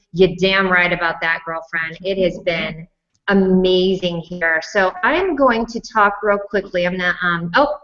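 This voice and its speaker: A woman's voice: lowish voice, unhurried, fairly bright tone. A woman hosting a casual live chat, bubbly and laughing often. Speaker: livestream host. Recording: dull lo-fi livestream audio.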